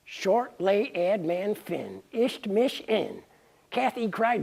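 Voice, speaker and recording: Woman, gravelly and husky, reading a pun-filled tale, slow and swooping. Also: mid-range voice. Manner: playful, pun-laden, lively. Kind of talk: reading her own punning story aloud.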